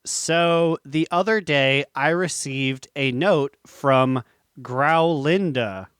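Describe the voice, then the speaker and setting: Smooth clear guy chatting on a gaming podcast, dry close mic. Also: a little high, takes it slowly, fairly bright tone, dry recording. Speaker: podcast co-host. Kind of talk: casual gaming podcast chat.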